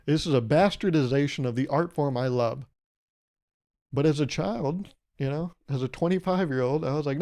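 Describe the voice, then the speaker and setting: A man's voice: medium pitch, fast, dark tone. A man in his twenties hosting a solo podcast, rambling and joking as he acts out little quoted exchanges. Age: 20s. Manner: rambling, jokey, swears freely, acts out quotes. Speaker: podcast host. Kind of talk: casual solo podcast monologue.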